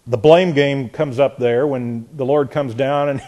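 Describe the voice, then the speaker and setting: A man's voice: medium pitch, steady tone, measured pace, warm tone, lo-fi sound. A man preaching a sermon in a conversational way, often restarting his words and chuckling, and building in intensity as he goes.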